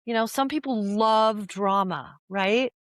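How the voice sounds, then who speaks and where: Older woman guest, animated storyteller, dry close sound, mid pitch. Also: slow, no echo. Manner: animated storytelling, frequent laughter and restarts. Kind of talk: casual conversation.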